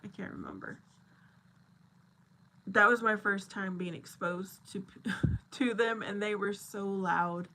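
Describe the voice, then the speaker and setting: A woman's voice: medium pitch, fairly even intonation, takes it slowly, long pauses, sharp tone, slight background noise. A woman in her forties hosting a casual live chat, reading viewer comments, laughing often and thinking aloud as she talks. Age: 40s.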